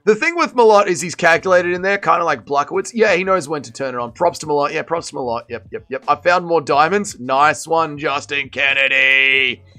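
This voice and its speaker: A young man hosting a casual livestream, reacting to a fight and reading chat, excitable and swearing, swinging between shouting and mumbling. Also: a little high, fairly quick, hardly any pauses.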